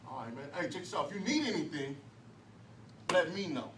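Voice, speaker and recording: A man voicing a smooth-talking adult male gang recruiter who speaks in low, hushed street talk, friendly and coaxing but casually stern. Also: very animated, brisk. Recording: distant echoey room with faint noise.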